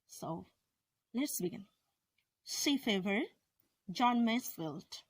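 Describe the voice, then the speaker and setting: Woman teacher, slightly high voice, halting classroom explainer, dry close recording. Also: animated, a bit bright, dry recording. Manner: hesitant, with fillers and self-corrections. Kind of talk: classroom lesson on a poem.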